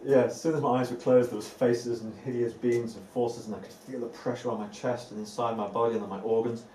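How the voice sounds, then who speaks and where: A man's voice: medium pitch, steady tone, fairly quick, warm tone, distant mic. A man giving a live evening talk to a group as a spiritual teacher, earnest and given to repeating words for emphasis, with light laughs now and then. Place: indoor room with a live audience. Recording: echoey room, voice off-mic, faint ambient noise.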